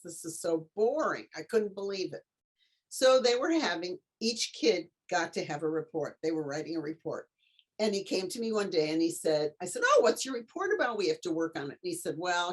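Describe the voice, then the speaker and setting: Animated storytelling woman, husky voice. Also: medium pitch. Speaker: author and tutor, interview guest. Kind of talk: storytelling in an interview.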